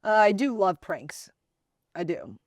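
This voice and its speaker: A woman hosting a podcast in casual chat, with a raspy, slightly gravelly voice, chatty and laughing often as she tells stories. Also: medium pitch, big pitch swings, a little slow, no echo, clean studio sound. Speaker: podcast host.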